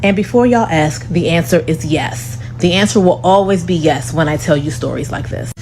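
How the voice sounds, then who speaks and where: A woman telling a dramatic airport story to her viewers in a sassy, lively way. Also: sits low, normal speed, soft background music, poor audio. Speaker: storytelling vlogger. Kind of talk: animated storytime. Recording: humming background noise.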